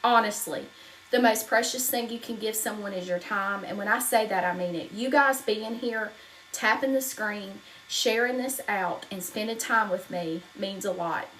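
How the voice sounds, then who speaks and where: A woman from North Carolina with a Southern accent teaches wreath making on a live stream from her home craft room, chatting casually and greeting viewers by name. Her voice is medium-pitched, a bit bright, and moderately paced. The audio is poor, with slight background noise.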